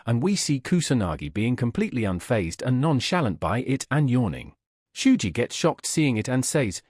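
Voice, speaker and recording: A man narrating a comic story recap in a steady storytelling manner. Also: medium pitch, moderate pace, slightly rough, dry recording, clean studio sound.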